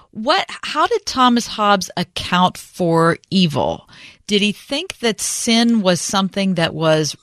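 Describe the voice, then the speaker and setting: A woman hosts a radio interview in a dry, close sound. She sums up her guest's points and asks clear follow-up questions. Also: fairly low pitch, fairly bright tone, no room sound. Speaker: radio host.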